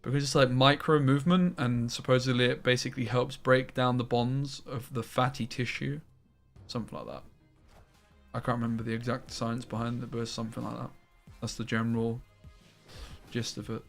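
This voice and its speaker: A man streaming a card game live, chatting casually with viewers and breaking into loud exclamations. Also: mid-range voice, little pitch movement, brisk, creaky, soft background music. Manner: chatty, talks to chat, bursts into loud exclamations.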